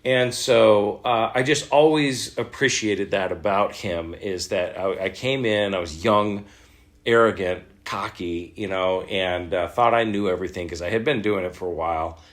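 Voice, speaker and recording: Male voice actor guest, middle-aged, low-pitched, animated storyteller. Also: moderate pace. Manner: animated storyteller, acts out quoted lines, laughs often. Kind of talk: casual storytelling interview.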